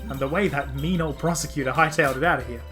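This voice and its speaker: An upbeat young woman lawyer from a story game, with a heavy Australian twang, as a man reads her lines aloud. She sounds bright and cheery and sits a little above a man's usual register. Faint music plays underneath. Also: on the high side, steady tone, fast, lightly acted. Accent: put-on Australian.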